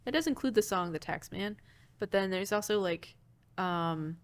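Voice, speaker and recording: A woman's voice: mid-range voice, lively intonation, normal speed. A woman co-hosting a podcast, chatting casually about a movie with many fillers and laughs. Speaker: podcast co-host.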